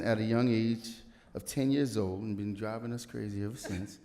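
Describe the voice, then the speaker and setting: A man's voice: on the low side, fairly even intonation, moderate pace, hardly any pauses. A man, a city councilman, reading an award proclamation at a civic ceremony and breaking it up with joking asides to the audience. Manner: joking, warm-hearted emcee patter between formal reading.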